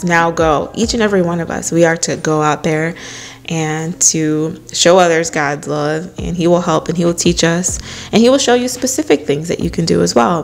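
A woman leads a relaxed Bible study in a low, gravelly voice, chatting through it with lots of "you know". Soft music plays faintly behind her. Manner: conversational, many "you know" fillers, light laughs. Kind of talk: casual Bible study talk.

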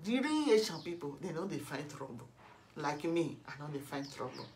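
A woman's voice: deep voice, very animated, normal speed, very noisy. A middle-aged Nigerian woman from Edo State speaking Nigerian Pidgin English, scolding a rival in a lecturing vlog monologue full of rhetorical questions. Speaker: vlogger.

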